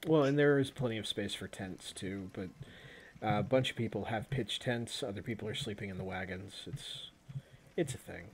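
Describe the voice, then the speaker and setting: A man narrating as game master of a tabletop role-playing game, in a relaxed, halting way with some fillers. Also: on the low side.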